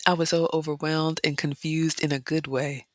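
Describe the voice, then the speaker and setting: A woman vlogger chatting casually and reading viewer comments, dropping into excited whispers. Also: sits low, normal speed, no room sound. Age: adult mother. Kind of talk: casual chat narrating photos, reading live comments.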